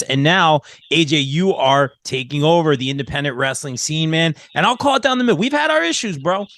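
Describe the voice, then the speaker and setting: A man's voice: mid-range voice, gravelly, a bit bright, no room sound, studio quality. A man hosting an interview over a remote call, talking in a hyped, casual way and often calling the guest "man" or "bro". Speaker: interview host.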